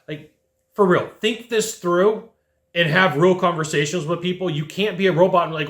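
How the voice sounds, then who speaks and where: A man coaching salespeople to camera, animated, acting out quick mock dialogues. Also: fairly high pitch, roomy sound. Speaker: sales trainer.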